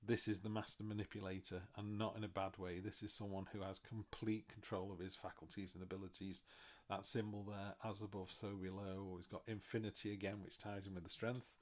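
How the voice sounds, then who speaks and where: A middle-aged man giving a casual tarot reading, chatty and self-mocking, with animated asides. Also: deep voice, a little fast. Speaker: tarot reader.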